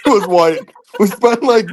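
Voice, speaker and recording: A man's voice: high voice, a little mellow. A man guest on a podcast, telling rambling stories in casual chat and laughing often between lines. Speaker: podcast guest, tournament angler.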